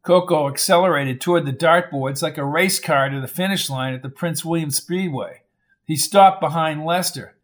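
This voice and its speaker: A man reading a novel aloud in scripted narration, steady and measured. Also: on the high side. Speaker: audiobook narrator.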